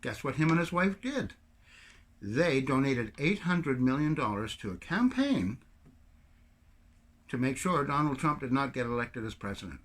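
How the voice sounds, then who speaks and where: A man's voice: mid-range voice, sing-song, moderate pace. A man from Canada giving a rambling, sarcastic political rant to camera as a video commentator. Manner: rambling, sarcastic storyteller with mocking put-on French bits.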